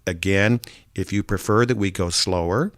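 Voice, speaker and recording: Middle-aged male host, low voice, measured and courteous delivery, dry close sound. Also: fairly bright tone, no echo. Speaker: radio show host. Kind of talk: casual chat about dating.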